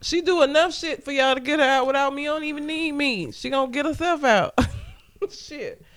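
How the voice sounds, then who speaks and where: A man's voice: very high-pitched, moderate pace, fairly bright tone. A man co-hosting a casual chat show, telling stories from work in a blunt, profane way and laughing often. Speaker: podcast co-host.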